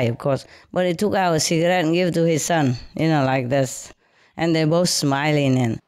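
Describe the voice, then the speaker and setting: A woman telling a story casually in non-native, broken English, animated and often laughing. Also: low voice, clean tone, no echo.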